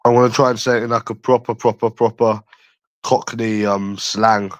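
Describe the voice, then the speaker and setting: A man's voice: fairly low pitch, level tone, moderate pace, dry recording. A young man from London chatting on a livestream, crude, taunting and repeating himself as he answers viewers. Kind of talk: casual chat answering viewers.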